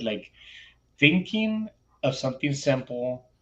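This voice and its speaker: A man who teaches, chatting on a podcast and telling a classroom story, acting out his students' lines with lively shifts and frequent restarts. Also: medium pitch, measured pace, muffled recording. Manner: animated, acts out classroom dialogue. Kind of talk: casual chat, storytelling.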